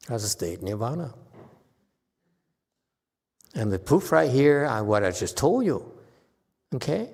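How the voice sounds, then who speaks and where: A man's voice: mid-range voice, big pitch swings, measured pace, vocal fry, pauses often, a little mellow, husky. A man as a Buddhist meditation master, giving a teasing Dharma talk, chuckling often and poking fun at himself. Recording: long hall reverb.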